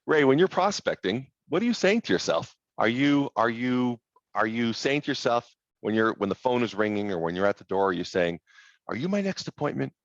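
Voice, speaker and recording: A man hosting a group coaching call, talking in an animated, motivational way over video call. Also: medium pitch, a little fast, no room sound, lo-fi sound. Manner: animated, motivational, quotes inner voices.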